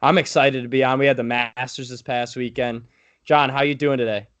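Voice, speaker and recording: A man's voice: mid-range voice, steady tone, fairly quick, a bit bright, clear, resonant tone. A young man co-hosting a casual sports podcast, running through news in a laid-back way with many fillers. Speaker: podcast co-host.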